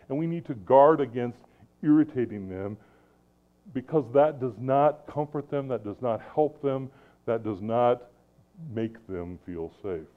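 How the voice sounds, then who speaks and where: A middle-aged man preaching a sermon, animated, swinging between loud emphasis and soft asides. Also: medium pitch. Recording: tinny phone-like sound.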